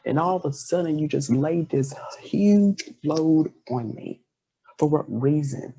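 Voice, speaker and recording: Male podcast host, gravelly dark voice, husky, earnest. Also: on the high side, measured pace, a little hiss or hum. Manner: earnest, heartfelt. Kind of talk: casual interview chat.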